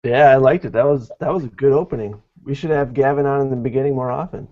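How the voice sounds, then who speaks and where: A man co-hosting a team video call, talking in a halting, casual way with many fillers. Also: medium pitch. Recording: dull lo-fi call audio.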